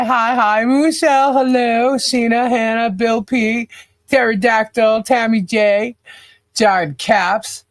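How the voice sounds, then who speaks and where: A woman's voice: on the high side, no echo. A woman co-hosting a casual livestream, chatting and greeting viewers by name with frequent laughs. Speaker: podcast co-host.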